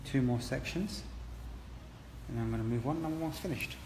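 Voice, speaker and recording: A man's voice: mid-range voice, brisk, background noise. A man giving a chatty, encouraging live-streamed haircut tutorial, explaining each step as a hairdressing educator. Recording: roomy echo with long reverb and faint ambience.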